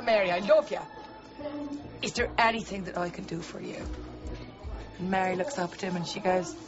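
An actress playing a playful, wry young college student in film dialogue. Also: female voice, lowish voice, close to an everyday voice. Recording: muffled film audio with music.

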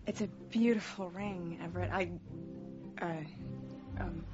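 A woman's voice: lowish voice, steady tone, a little slow, close to an everyday voice. An actress playing a flustered, apologetic young woman in a film scene, stammering and nervous. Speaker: film character, the visiting sister. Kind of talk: film acting. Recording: dull film audio with music score.

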